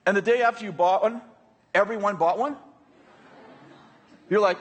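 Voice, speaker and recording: Husky high-voiced preacher man. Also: moderate pace, long pauses, in a large hall. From United States. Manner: conversational, joking asides with the congregation. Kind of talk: sermon. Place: church hall with a congregation.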